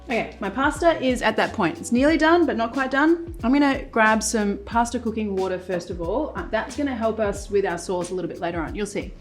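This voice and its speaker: Her voice a little high and expressive, this cooking host talks a little fast with hardly any pauses as she walks through each step at the stove. The setting is a home-style kitchen, where a pan sizzles and soft music plays.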